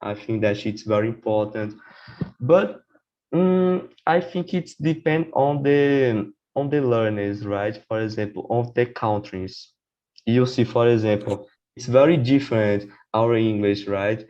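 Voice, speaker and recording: A man's voice: mid-range voice, measured pace, darkish tone, dull audio. A man speaking as a guest on a casual podcast about learning English. He talks hesitantly, often saying "for example" and "right?".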